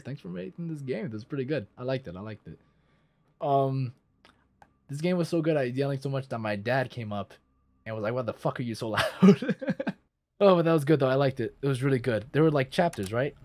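A young man giving let's play commentary on a horror game, excitable and cursing loudly when startled. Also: mid-range voice. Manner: excitable, swears and yells when scared. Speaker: gaming video creator.

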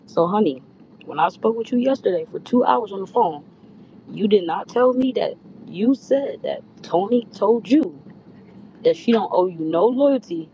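A woman talking low on a phone call from an airplane, pressing her point and cutting others off. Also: expressive, normal speed, mellow. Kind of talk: heated phone call argument. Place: airplane cabin. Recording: muffled phone audio with faint hum.

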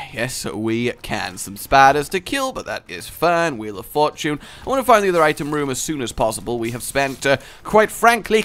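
Jokey, rambling gaming commentator man. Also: medium pitch. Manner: energetic, jokey and rambling, with silly voices and asides. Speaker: gaming YouTuber. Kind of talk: gameplay commentary.

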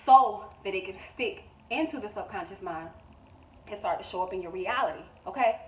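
A woman's voice: mid-range voice, expressive, fairly quick, recorded from a distance, a little hiss or hum. Woman with a thin, echoey phone-like sound. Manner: emphatic, repetitive, blunt and profane. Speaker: manifestation coach. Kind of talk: motivational vlog monologue.

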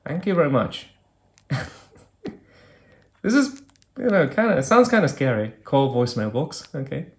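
A man's voice: on the high side, sing-song, moderate pace. Man chatting through a casual gadget demo. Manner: thinks aloud, chatty, with hesitant fillers. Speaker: phone reviewer. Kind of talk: casual hands-on product demo.

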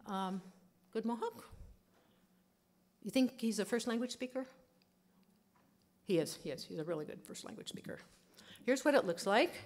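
A woman linguist giving a lively conference lecture, chatty, laughing often and saying "okay" a lot. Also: on the high side, moderate pace, long pauses.

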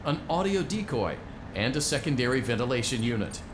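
An actor playing a game character who calmly briefs a new employee on his shift duties in a scripted voice-over. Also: mid-range voice, a little fast, close to an everyday voice. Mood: instructive. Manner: calm instructional briefing. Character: male manager giving a night-shift briefing. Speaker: game guide voice on a phone recording. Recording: game audio with loud background noise.

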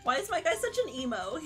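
A young woman streaming a video game, slightly hoarse from yelling, chatting casually and laughing often. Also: high voice. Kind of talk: casual livestream chat while gaming. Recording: game music playing behind.

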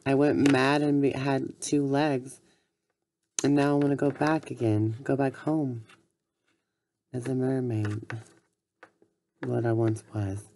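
A woman voicing a young mermaid who wants to go back to the sea, in a homemade comic skit, talking sulky and flat. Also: a bass voice, slow, pauses often, a little hiss or hum, exaggerated voice. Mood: wistful.

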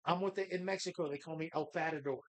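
A man's voice: fairly high pitch, steady tone, quick pace. A man hosting a live bar show, chatting casually in a rambling, profane, jokey way.

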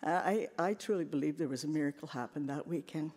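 A woman's voice: low voice, quick pace, darkish tone, slightly rough. A woman giving an earnest, emotional personal testimony at a convention. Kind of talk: heartfelt personal story. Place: large convention hall. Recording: long hall reverb.

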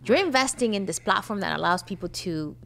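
A woman film producer talks as a podcast guest. She is relaxed and conversational, laughing easily and leaning on "you know" as she explains her studio. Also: mid-range voice, quick pace, vocal fry. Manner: easygoing, laughs often, fills with "you know" and "like". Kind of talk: casual interview chat.

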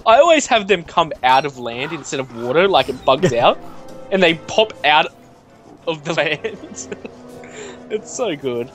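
An excitable young man with a slightly high voice chats while playing a game. He talks fast and eagerly and often breaks into laughter. His voice comes through a headset or desk mic, with game music faint behind him. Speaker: let's play co-host. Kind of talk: casual gaming chat.

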